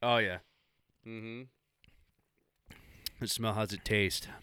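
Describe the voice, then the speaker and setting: A man's voice: lowish voice, fairly even intonation, slow pace, bright, forceful tone, clean tone. A man co-hosting a casual beer-tasting podcast, rambling and restarting his sentences. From Nebraska, USA. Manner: hesitant, rambling with many restarts. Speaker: podcast co-host.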